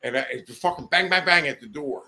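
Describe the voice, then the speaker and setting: A man's voice: fairly high pitch, lively intonation, brisk, pushed and bright. A man telling a long, rambling anecdote as a guest in a podcast studio, swearing freely and breaking into laughter as he goes. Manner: swears often, rambling, laughs mid-story. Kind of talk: profane anecdotal storytelling.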